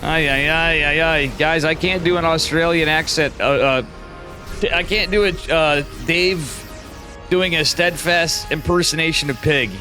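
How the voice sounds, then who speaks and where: A man's voice: fairly high pitch, unhurried, pushed and bright. Tired man casting a game over music. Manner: casual and chatty, rising sharply when a fight breaks out. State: tired, yawning. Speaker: esports commentator. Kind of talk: solo live game commentary.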